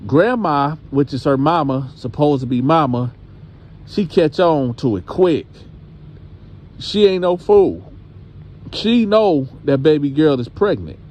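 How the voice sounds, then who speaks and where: A man's voice: on the high side, animated, slow, darkish tone. A man telling a story in a casual, conversational way, speaking directly to his listeners.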